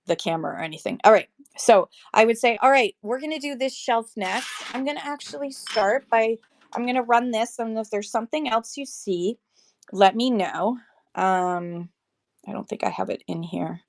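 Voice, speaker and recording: A woman's voice: mid-range voice, gravelly, no room sound. Chatty woman livestreaming her shelves. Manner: chatty, rambling, corrects herself with quick laughs. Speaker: online live-auction seller. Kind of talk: casual livestream chat and demo. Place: indoor room with shelves. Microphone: handheld phone.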